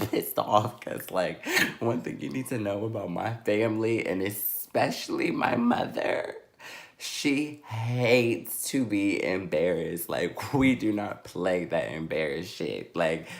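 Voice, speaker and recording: A man in his twenties tells a story-time vlog in a sassy, animated way. He takes his time with it and leans into the drama. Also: on the low side, slow. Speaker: vlogger.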